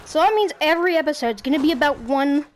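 A woman giving casual gameplay commentary at home on a headset, talking to the game and shouting at the enemies in frustration. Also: high-pitched, fast talker, slight background noise. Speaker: gaming YouTuber.

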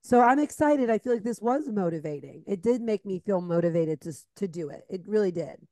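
Woman co-host, casual and lively; dry, close recording. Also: medium pitch, fairly quick, no room sound. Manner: lively storyteller, acts out quotes. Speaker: podcast co-host. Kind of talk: casual chat.

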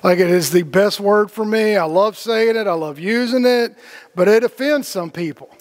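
Running a relaxed spiritual group talk, a man rambles along at a moderate pace in a high voice. His speech is thick with filler words and includes occasional cussing.

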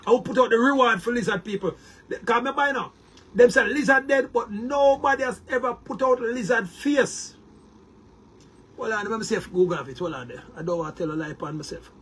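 High-pitched Jamaican man ranting. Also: a little fast, a bit bright, husky. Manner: boastful, heated, addresses viewers as people; repeats words and restarts often. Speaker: online commentator. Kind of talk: ranting monologue to viewers.

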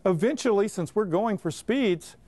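A man's voice: high voice, expressive, normal speed, darkish tone. A man giving assured, plain-spoken explanations in an interview as a reading intervention expert.

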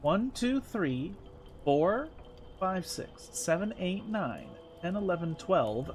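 A man's voice: high voice, big pitch swings, takes it slowly, slight background noise. A man streaming a game live, thinking aloud, counting under his breath and swearing when annoyed. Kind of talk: live gaming commentary.

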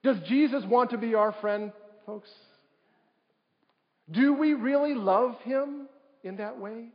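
A male pastor with a voice high for a man preaches slowly from the pulpit, repeatedly putting rhetorical questions to the congregation. The dull, lo-fi livestream audio rings out through a reverberant church sanctuary.

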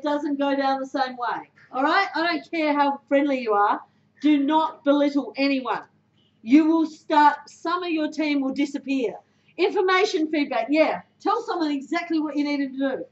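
Brief: woman, high voice, blunt punchy coach talk, dull lo-fi room sound. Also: moderate pace, roomy sound. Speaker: speaker addressing a football team. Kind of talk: motivational talk. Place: indoor room with a team.

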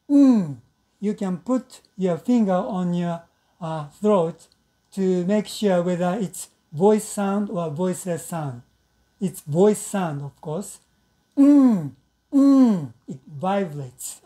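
A Japanese-speaking woman teaches English pronunciation slowly and patiently, her soft, mellow voice fairly low in pitch and dotted with fillers. She demonstrates by humming long nasal sounds and repeating example words slowly for learners to copy.

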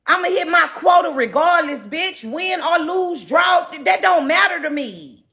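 A combative woman livestreamer tears into her chat in a loud, profane rant. Her voice sits high and sounds bright and sharp. Her pitch swoops all over the place as she talks. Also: expressive, unhurried, muffled recording. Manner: brash and profane. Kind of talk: ranting to live chat.

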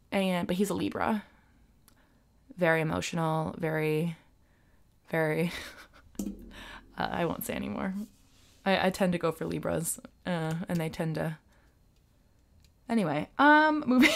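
A woman vlogger speaks candidly and emotionally, confiding a personal story straight to her viewers. Her voice sits low with plenty of vocal fry and a gravelly texture. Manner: emotional, confiding, frequent "like" fillers.

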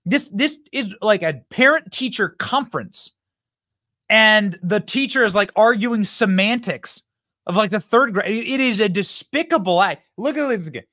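Brief: male political host, animated and fairly high-pitched, mocking, dry close sound. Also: moderate pace, dry recording. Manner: mocking, emphatic, swings loud to quiet. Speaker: show host. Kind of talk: political commentary on clips.

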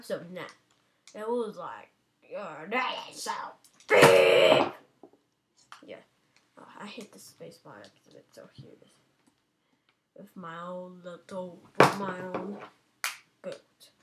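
Slow, giggly woman on a noisy webcam. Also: mid-range voice, expressive. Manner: giggly and silly, narrating her own antics. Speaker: webcam vlogger. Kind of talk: rambling playful monologue. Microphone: webcam microphone. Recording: webcam audio with loud background noise.

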